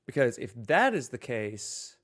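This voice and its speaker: A man's voice: mid-range voice, big pitch swings, unhurried, fairly bright tone. A man hosting a casual livestream from home, joking, laughing often and chatting directly to his viewers. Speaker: livestream host.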